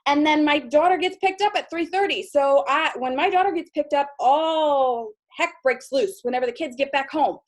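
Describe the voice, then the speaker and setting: High-pitched woman running a sales training call, chatty, lots of ums and little laughs. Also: normal speed, few pauses. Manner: chatty, self-deprecating, with frequent fillers and laughs. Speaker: sales team director giving training. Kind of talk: casual training talk.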